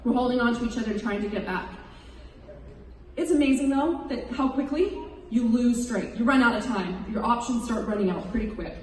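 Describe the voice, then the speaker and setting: Thirtyish woman telling her story to a crowd, kinda high voice, heartfelt, super echoey hall, mic far off. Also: a little fast, a little hiss or hum. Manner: earnest, emotional storytelling. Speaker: speaker recounting her rescue to an audience. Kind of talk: personal testimony speech.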